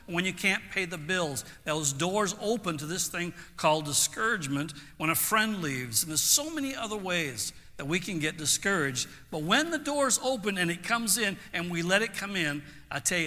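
A man's voice: fairly high pitch, lively intonation, moderate pace, hardly any pauses, sharp tone. A man preaching a sermon as pastor, earnest and stopping to restart his phrases. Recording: long hall reverb.

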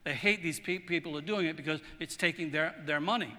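A man preaching a sermon in a large church hall, telling stories in a relaxed, chatty way and often repeating words. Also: fairly high pitch, fast talker. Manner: conversational, storytelling, repeats words. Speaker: pastor. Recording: long hall reverb.

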